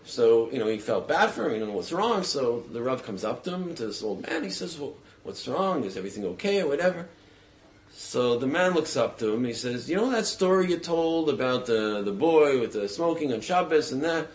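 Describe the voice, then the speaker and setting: Man, mid-pitched storyteller; loose, conversational retelling with frequent restarts and fillers. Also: expressive. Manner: casual, halting, with many fillers and restarts.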